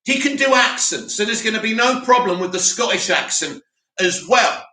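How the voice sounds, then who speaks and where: A man with a high, very bright, forceful voice hosts a live stream, chatting animatedly and reading out viewer comments. His voice rings in an echoey room. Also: expressive, moderate pace. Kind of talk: casual live-stream chat. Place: home studio in Cyprus.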